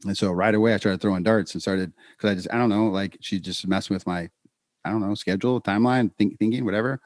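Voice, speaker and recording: A man with a somewhat low voice tells stories in casual podcast chat, often restarting his sentences. The sound is dry and close to the mic. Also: dry recording. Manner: storytelling, animated, quick restarts. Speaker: podcast co-host.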